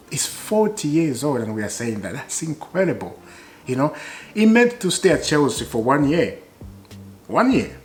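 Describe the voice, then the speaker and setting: A man talking to camera as a football fan vlogger, emotional and repetitive, swinging between loud bursts and quiet musing. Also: fairly high pitch, sing-song, unhurried, faint music behind. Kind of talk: casual fan commentary to camera.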